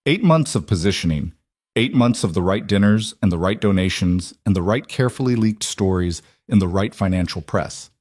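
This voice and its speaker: A man reads a scripted story in a steady, even manner. His voice sits low. The recording is dry and close, with no room sound. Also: moderate pace, no echo. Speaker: narrator.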